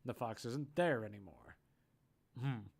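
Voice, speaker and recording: A man's voice: mid-range voice, a little slow, vocal fry. A man narrating audition scripts aloud, reading steadily and correcting small slips as he goes. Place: online voice chat.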